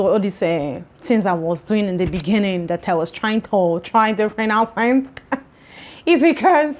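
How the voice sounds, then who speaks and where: A woman vlogger from Nigeria talking casually to camera in a chatty, scolding, animated manner. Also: mid-range voice.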